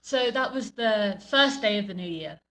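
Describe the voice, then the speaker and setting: A woman's voice: medium pitch, lively intonation, moderate pace, pushed and bright, poor audio. A woman co-hosting a podcast in casual chat. She tells stories with animation and acts out what people said. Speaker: podcast co-host. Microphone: podcast microphone.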